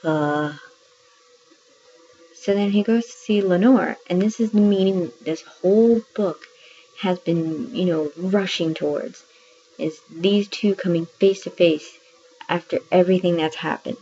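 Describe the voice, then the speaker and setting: A woman's voice: fairly low pitch, measured pace, dark tone. A woman casually reviewing a book, retelling scenes in a chatty way with plenty of fillers. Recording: dull lo-fi audio with faint noise.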